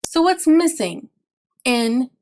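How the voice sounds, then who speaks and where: A woman teacher explaining early reading games for parents in an instructional video, patient and clear, drawing out example words. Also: high voice, sing-song, slow pace, a little mellow.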